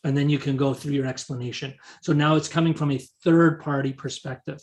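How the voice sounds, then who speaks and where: A man's voice: on the high side, steady tone, a little fast, a little mellow. A man teaching a live real estate seminar, often repeating short words as he quotes example dialogue to the audience. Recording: meeting talk to an audience.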